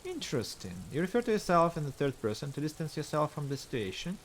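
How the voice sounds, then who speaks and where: A man's voice: on the high side, very animated, fast talker, slight background noise. Man reading game text, hesitant. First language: Russian. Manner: reads text aloud with hesitant fillers. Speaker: streamer. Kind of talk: reading game dialogue aloud while playing.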